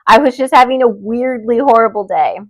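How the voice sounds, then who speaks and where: A young woman hosting a podcast, reading listener stories aloud and chatting in an expressive, openly emotional way. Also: on the high side, brisk. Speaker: podcast host.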